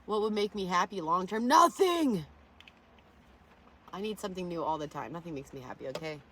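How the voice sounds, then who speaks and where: A woman's voice: fairly low pitch, steady tone, quick pace, a bit bright. A woman livestreaming from her phone, rambling and swearing to her chat with frequent laughter. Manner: rambling, profane, laughs often.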